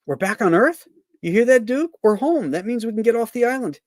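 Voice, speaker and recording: A man voicing an excitable, high-strung male castaway in a comic strip who shouts in short, jumpy bursts. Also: moderate pace, dry recording, clean studio sound, heavily acted. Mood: excited.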